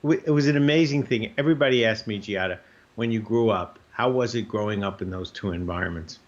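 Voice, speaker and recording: A man's voice: fairly low pitch, a little fast, lo-fi sound. A man, a comedian guest, telling comic stories over a video call, timing his punchlines and mimicking his relatives playfully. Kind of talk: comic storytelling.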